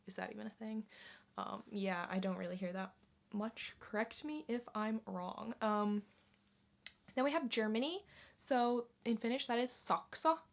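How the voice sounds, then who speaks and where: A woman in her twenties with a fairly high voice hosts a relaxed vocabulary lesson. She says each word slowly and carefully several times, then adds friendly asides for her viewers. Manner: repeats each word slowly and clearly for learners. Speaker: language teacher and channel host. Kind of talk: casual language lesson.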